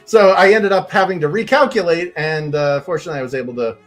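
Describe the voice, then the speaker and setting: A man's voice: on the high side, quick pace, soft background music. A man chatting casually as a guest on a podcast, rambling and laughing often. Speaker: guest comic creator.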